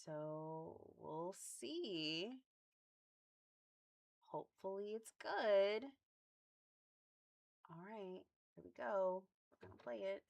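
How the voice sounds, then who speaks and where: A woman's voice: medium pitch, extremely slow, gravelly, long pauses, darkish tone. A woman streaming a dating game, chatty and easily sidetracked, scolding her cat between comments. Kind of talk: casual gaming stream commentary.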